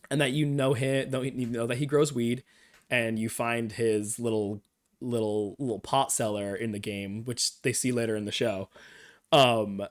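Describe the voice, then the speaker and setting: On a live stream, a man with an ordinary-pitched voice talks casually through a TV episode. His enthusiastic, rambling recap includes acted-out lines from the characters.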